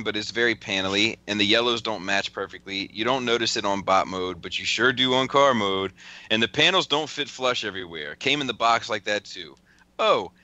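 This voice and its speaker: A man hosting a podcast casually reads text messages aloud, cursing heavily and laughing often as he goes. His voice is fairly low, pushed and bright.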